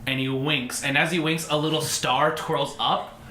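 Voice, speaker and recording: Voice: medium pitch, fairly even intonation, normal speed, bright, forceful tone. A game master narrating a tabletop game with friends in a loose, giggly way, with lots of fillers. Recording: echoey room, faint noise.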